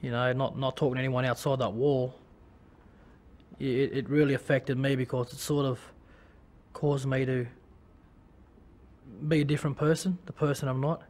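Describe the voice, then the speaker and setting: Halting Australian man, flat voice. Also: medium pitch. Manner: halting, many restarts and fillers. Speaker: former rugby league player. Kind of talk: personal testimony.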